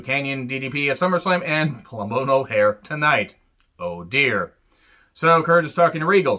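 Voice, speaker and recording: Sarcastic guy swearing through a wrestling review, sharp tone, kinda muffled audio. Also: medium pitch. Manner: sarcastic, profane, jokey asides. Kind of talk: casual recap commentary.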